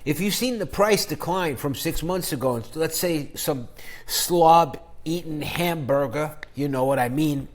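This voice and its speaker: A man ranting through an investing vlog, crude and profane, mocking rivals with sudden loud jabs in a loose, rambling delivery. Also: a little high, measured pace. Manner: crude, profane, mocking shock-jock banter. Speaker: finance YouTuber.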